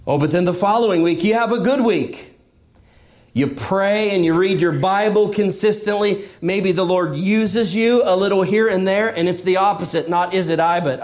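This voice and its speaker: A man's voice: high voice, moderate pace. A man preaching a sermon, speaking emphatically and asking rhetorical questions, sometimes acting out a believer's inner voice. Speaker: pastor.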